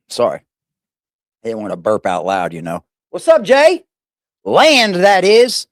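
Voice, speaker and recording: A man's voice: medium pitch, expressive, takes it slowly, no echo, studio quality. A man hosting a live stream in a casual, playful way, greeting chat viewers one by one.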